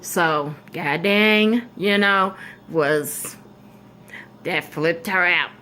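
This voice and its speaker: A woman tells a story from her own life in a loose, profane, animated way, often checking in with her listeners. Her voice is bright and forceful, and she stays at a middle pitch. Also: measured pace. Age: adult. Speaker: vlogger. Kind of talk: storytime vlog.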